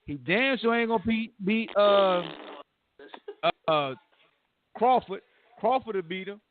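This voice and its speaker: A man with a high voice hosts a sports podcast and rants in casual slang. He pokes fun at whoever he is talking about. The sound is thin and narrow, like a phone line. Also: unhurried, a little hiss or hum. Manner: animated, trash-talking rant with slang. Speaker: podcast host.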